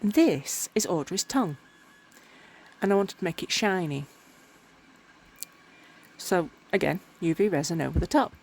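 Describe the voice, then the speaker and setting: Tired lady rambling thru a craft vlog, kinda low voice, keeps tripping on her words. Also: lively intonation, measured pace, vocal fry, pauses often, a little mellow, slightly rough. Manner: rambling, self-mocking, often tripping over words. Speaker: miniature crafter. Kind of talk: casual crafting vlog narration.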